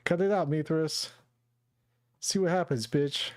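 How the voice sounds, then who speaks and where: A man's voice: a little high, unhurried, dry recording, clean studio sound, close to an everyday voice. A man voicing a crude selfish ruler Mithras. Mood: sneering. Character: crude selfish male ruler of a failing planet.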